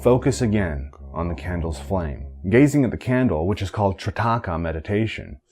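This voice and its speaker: A man with a deep, low voice teaching a candle-gazing meditation. He speaks in a calm, measured, instructive way, now and then chanting a short mantra.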